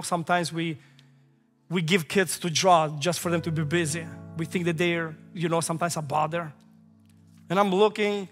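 A pastor in his thirties preaches a sermon from the pulpit, emphatic and repetitive as he builds his points, his sharp voice sitting high for a man. Long reverb from a large, echoey sanctuary carries his words over faint music.

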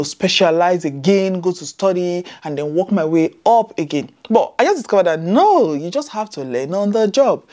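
A woman's voice: lowish voice, mellow. Chatty woman vlogger. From Nigeria. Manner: chatty, storytelling, emphatic asides to viewers. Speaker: nurse vlogger. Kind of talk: casual vlog talk to camera. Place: Scotland.

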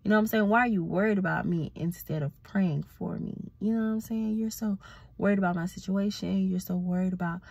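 Sleepy, gravelly-voiced woman ranting. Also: mid-range voice, a little fast, no room sound. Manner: blunt, profane, animated ranting. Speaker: self-reflection coach. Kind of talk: casual vlog talk to camera.

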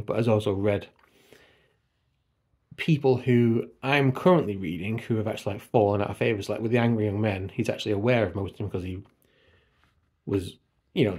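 A man's voice: fairly low pitch, darkish tone, husky. A man chatting casually on a book vlog, wandering off on tangents and poking fun at himself, recorded at home by his computer. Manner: chatty, digressive, self-deprecating. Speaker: book vlogger. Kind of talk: casual chat.

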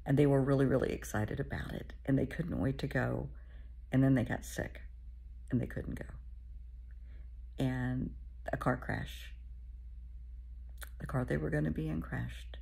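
A middle-aged woman therapist giving a motivational talk, speaking softly and often half-whispering, calling the listener honey. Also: very deep voice, a little slow, vocal fry, pauses often, husky.

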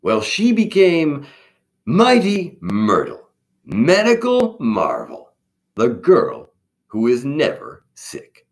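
A man with a medium-pitched voice reads a children's picture book aloud, taking it slowly and expressively like a storyteller.

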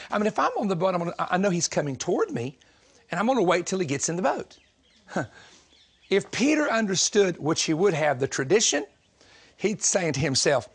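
A man from the southern United States preaching a sermon, telling stories in an animated, joking way and laughing often. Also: sits high, moderate pace, pauses often. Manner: animated, humorous storytelling with frequent laughter.

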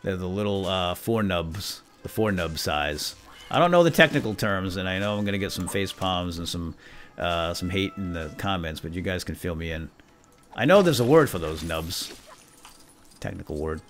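A man giving excitable, jokey commentary while playing a video game. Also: sits low, normal speed. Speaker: let's play gamer. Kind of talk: casual gameplay commentary.

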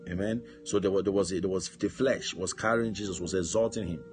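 A male pastor delivers a fervent sermon in a low voice, dropping amen and hallelujah between points. Faint music plays beneath him. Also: steady tone, fairly quick, a little mellow.

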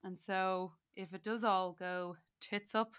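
A woman's voice: medium pitch, fairly even intonation, slow pace, fairly bright tone, clear, resonant tone. An Irish woman in her twenties hosting a podcast, playful and giggly as she interviews her older sister. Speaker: podcast host. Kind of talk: casual interview chat.

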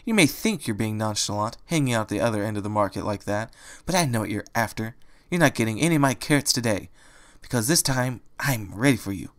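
A man voicing a paranoid, excitable female pony market vendor in a fan audiobook reading, speaking in a suspicious, shrill way. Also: fairly quick, no echo, studio quality, close to an everyday voice.

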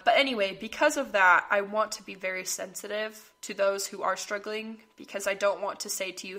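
Earnest young woman with a bright voice. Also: medium pitch, steady tone, brisk, hardly any pauses. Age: young adult. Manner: earnest, reading aloud from old journal entries. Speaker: podcast host. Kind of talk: personal reflective monologue.

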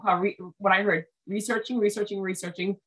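A woman hosting a casual interview over a video call, enthusiastic and talking at length with quick restarts. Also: mid-range voice, fairly even intonation, fairly bright tone, slightly rough. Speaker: host.

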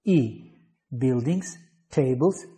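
Slow, deliberate male phonetics teacher. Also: mid-range voice, expressive, mellow. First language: Azerbaijani. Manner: slow, deliberate, one word at a time. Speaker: English teacher. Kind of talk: slow phonetics drill, reading word lists.

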